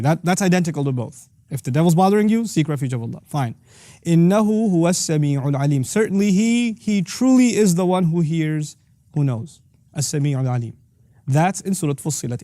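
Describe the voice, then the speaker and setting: A middle-aged man teaching a lesson on Quranic verses as host of his series, talking rapidly and breaking into quick Arabic recitation. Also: fairly high pitch, warm tone, dry recording, clean studio sound.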